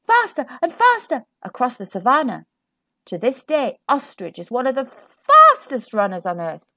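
Female storyteller for a kids' read-aloud, high bright-toned voice, unhurried, plays up sound effects. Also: no room sound, studio quality. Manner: expressive, voicing sound effects with sing-song emphasis. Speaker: children's storyteller. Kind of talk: children's picture book read-aloud.

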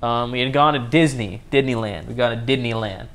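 A man's voice: mid-range voice, fairly quick, vocal fry, fairly bright tone. A young man hosting a solo podcast in a casual, rambling way, cracking jokes at his own expense and often restarting sentences. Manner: rambling, jokey, self-mocking, frequent restarts. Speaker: podcast host.

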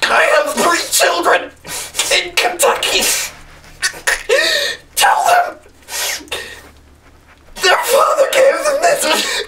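A man voicing a dying father who cries out his last secrets in a high, strained voice. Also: big pitch swings, extremely slow, pauses often, echoey room, background noise, exaggerated voice. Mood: desperate. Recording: distant mic with music behind.

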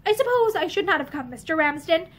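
Woman reading doing a shy teary young governess, shaky faltering voice, super high. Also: very animated, quick pace. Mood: pleading. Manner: tremulous, faltering. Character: tearful young governess, timid and earnest.

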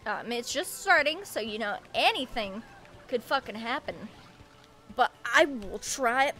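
A young woman with a high, bright, sharp voice streams a racing game, swinging widely in pitch as she talks. She swears freely, laughs often and yells at her opponents, with faint music behind her. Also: lively intonation, measured pace. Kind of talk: live gaming commentary.

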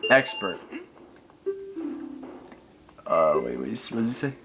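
A man's voice: sits low, very animated, slow pace, a bit bright. A man giving gameplay commentary, ranting in frustration and swearing often. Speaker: let's play host. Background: video game music.

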